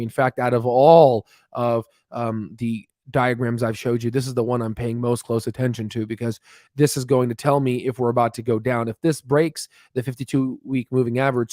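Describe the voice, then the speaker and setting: Brief: man, mid-pitch, dry close sound, rapid chart-walkthrough teacher, lots of "uh"s. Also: a little mellow, dry recording. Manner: many fillers and restarts, talks fast on purpose. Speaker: stock market educator. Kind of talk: chart walkthrough, casual explainer.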